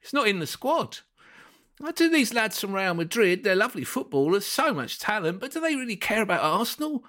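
A man's voice: sits high, big pitch swings, fairly quick, pushed and bright. A man co-hosting a football podcast, ranting in exasperated casual chat.

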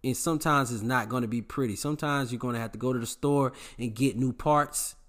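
A man's voice: mid-range voice, fairly quick, fairly bright tone. A man giving dating advice to the camera in an emphatic, preachy, repetitive way, full of slang. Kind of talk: casual advice monologue to camera.

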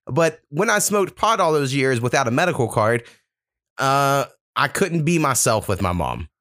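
A man hosting a podcast in a loose, rambling way, swearing freely and piling on fillers as he tells stories. His voice sits at an ordinary middle pitch. The sound is dry and close, with no room around it. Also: sing-song, moderate pace, fairly bright tone, no room sound. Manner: loose, profane storytelling with many fillers. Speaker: podcast host. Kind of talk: casual podcast chat.

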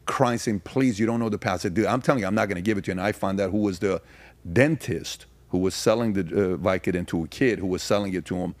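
A man talking as a podcast guest, telling personal stories and then arguing his point emphatically with rapid rhetorical questions. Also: sits low, no room sound. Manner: frequent fillers and restarts. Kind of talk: casual conversation, storytelling.

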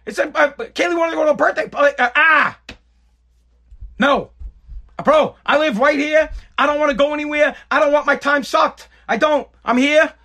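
The voice is extremely high-pitched, pushed and bright, delivered at a moderate pace. It's a podcast host in his thirties on a casual rant, cursing heavily and saying things over and over.

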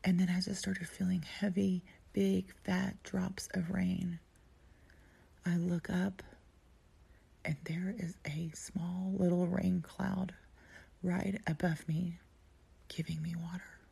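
A woman telling a personal story in an intimate way, often dropping to a breathy near-whisper. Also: lowish voice, level tone, slow pace, long pauses, dark tone. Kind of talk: personal story told aloud.

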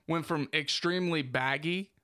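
A man's voice: fairly high pitch, moderate pace, sharp tone, clear, resonant tone, no room sound. A man co-hosting a podcast, ranting in crude casual chat with heavy profanity, close to the microphone. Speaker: podcast co-host.

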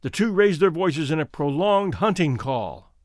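A man hosting a story podcast, reading scripted narration in an expressive, animated way. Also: fairly high pitch, measured pace, dry recording, clean studio sound. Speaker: host and storyteller.

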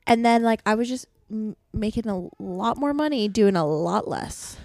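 A woman's voice: mid-range voice, animated, normal speed, creaky, a little mellow, no echo. A woman co-hosting a podcast in casual chat, telling stories and acting out what others said. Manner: chatty storyteller, acts out quoted lines. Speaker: podcast co-host. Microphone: podcast microphone.

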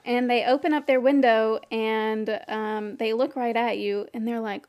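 A woman's voice: a little high, steady tone, unhurried, hardly any pauses, darkish tone, dry recording, studio quality. A woman running a tabletop game as game master, narrating loosely with many fillers and frequent laughs.

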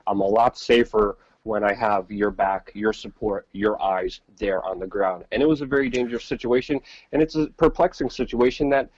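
Brief: husky-voiced male co-host, dry lo-fi remote line, rambling casual delivery. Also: lowish voice, a little mellow, no room sound. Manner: rambling, repeats words, many fillers. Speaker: podcast co-host reporting from the field. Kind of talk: casual live-stream chat.

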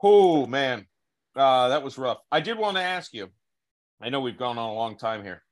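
A man's voice: mid-range voice, expressive, normal speed. Self-mocking male podcast host. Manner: restless, many restarts and self-mocking asides. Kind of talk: casual chat.

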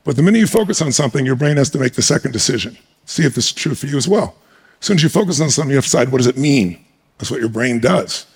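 A man telling a personal story on stage as a guest speaker, animated and emphatic, acting out the scenes. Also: mid-range voice, rapid-fire, breathy edge.

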